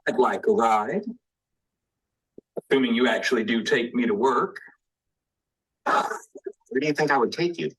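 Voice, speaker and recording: A husky sitcom guy. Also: mid-range voice, unhurried, pauses often, a bit bright, poor audio. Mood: casual. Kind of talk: sitcom dialogue.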